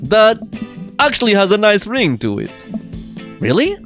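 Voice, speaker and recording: A young man hosts a casual game stream, reading dialogue and viewer comments aloud between his own jokes. His slightly high voice leaps all over the place, and he breaks into laughter often. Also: a little slow, over music. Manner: animated, laughs often, reads game text and chat aloud.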